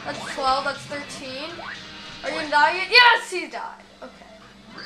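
A woman with a high voice gives playful, sarcastic commentary while she plays through a video game. Game music runs clearly behind her, and her voice has a roomy echo. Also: lively intonation, unhurried. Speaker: gamer doing a walkthrough. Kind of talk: casual game commentary, reading dialogue aloud.

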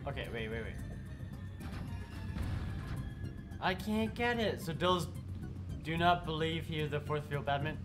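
A man's voice: a little high, slow, long pauses, music in the background. A man streaming a game live while sick, chatting to viewers and swearing at the game. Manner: swears and yells at the game, chats with chat. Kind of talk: live gameplay commentary.

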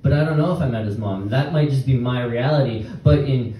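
A young man doing a rambling stand-up set with halting restarts and nervous laughs before a small live audience. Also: medium pitch, muffled recording. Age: young adult. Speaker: stand-up comedian. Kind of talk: open-mic stand-up set. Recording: very echoey room, distant mic, faint noise.

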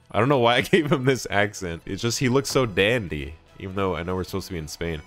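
A young man giving jokey, animated let's play commentary, often breaking into laughs. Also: on the low side, quick pace, few pauses, faint music behind. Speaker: gaming YouTuber.

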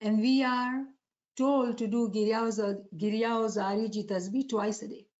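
Woman preacher, high voice, muffled recording. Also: steady tone, normal speed, a little mellow. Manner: asks rhetorical questions to the audience. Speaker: religious preacher. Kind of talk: devotional sermon lecture.

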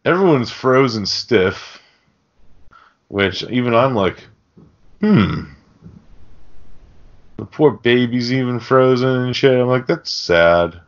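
A man's voice: medium pitch, fairly even intonation, measured pace. A man hosting a podcast, recapping a film in casual chat full of swearing and rambling asides. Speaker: podcast host. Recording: dull lo-fi podcast audio.

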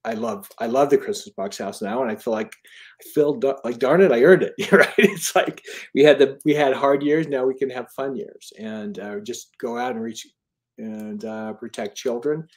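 A man's voice: medium pitch, moderate pace. Earnest middle-aged man telling stories. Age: 50s. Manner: earnest, rambling with restarts and fillers. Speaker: author and charity founder. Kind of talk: casual interview storytelling.

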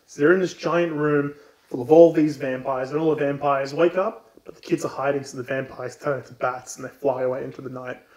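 A man's voice: medium pitch, fairly even intonation, a little fast, a little mellow. A man co-hosting a podcast, casually retelling a book in an irreverent, profane way. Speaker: podcast co-host. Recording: roomy echo.

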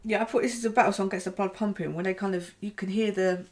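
A woman co-hosting a music podcast in casual chat. She talks loosely, trailing off mid-sentence and filling gaps with fillers. Her voice sits at a middling pitch. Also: fairly even intonation, fast, noisy background. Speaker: podcast co-host. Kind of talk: casual album review chat.

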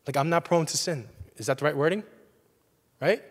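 A man's voice: a little high, fairly quick. A young man preaching a sermon as a pastor in a conversational way, often checking in with "right?". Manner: conversational, frequent "right?" asides. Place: church sanctuary. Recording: long reverb of a church hall.

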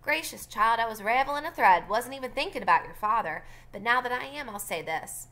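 A sharp-tongued older Southern woman speaks with dry, blunt wit, as a woman reads her lines aloud. Her voice is bright and swoops with lively intonation. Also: a little high, fairly quick. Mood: wry.

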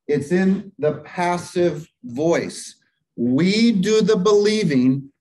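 A man leads a church Bible class at an unhurried pace. His voice sits a bit high for a man. He quizzes his listeners as he goes and breaks the Greek grammar into small steps. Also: darkish tone, low-quality recording. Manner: asks the class questions and waits for answers; explains Greek grammar step by step.

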